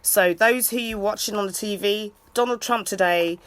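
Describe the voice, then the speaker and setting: A woman in a rambling live video chat. She rants and shouts out to friends in an excitable way. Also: medium pitch, normal speed, no echo. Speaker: vlogger.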